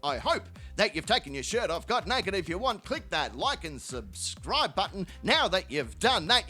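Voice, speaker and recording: A man riffs through a swearing, joking outro in a high, bright voice. His pitch jumps all over the place, from yelps down to mutters, and there is soft music under him. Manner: profane, rambling and playful, jumps between high shouts and low mutters. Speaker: channel host. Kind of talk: rowdy comedic outro monologue.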